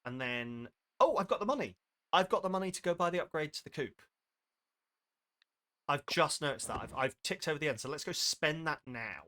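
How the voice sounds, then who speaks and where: A man from near Wales plays a game on stream, muttering a casual running commentary full of jokey, self-deprecating asides. His fairly high voice is bright and forceful, animated and a little fast.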